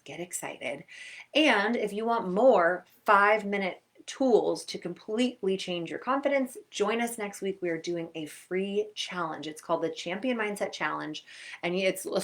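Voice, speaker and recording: A young adult woman, a sports performance coach, giving upbeat, chatty advice to young athletes and acting out quick quotes. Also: medium pitch. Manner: energetic, chatty, acts out quotes. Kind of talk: upbeat coaching talk to camera.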